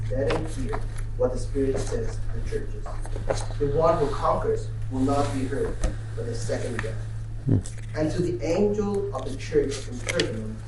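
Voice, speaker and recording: A man reading scripture aloud with a steady, measured delivery. He is far from the mic in a very echoey room, and room noise is clearly audible behind him. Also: mid-range voice. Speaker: congregation member reading scripture.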